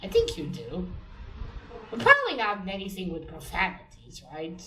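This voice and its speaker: A woman with an Israeli accent giving a casual, animated spoken review, ranting and swearing in exasperation. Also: lowish voice, moderate pace, far from the mic, a little hiss or hum. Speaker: comic reviewer. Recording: roomy echo, off-mic.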